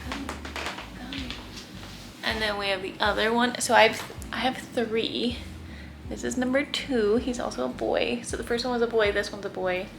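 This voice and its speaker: A woman's voice: on the high side, fairly even intonation, moderate pace, vocal fry, background noise. A young woman chatting casually in her guest room, full of "like" and cooing baby talk. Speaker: vlogger fostering kittens. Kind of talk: casual chat to camera.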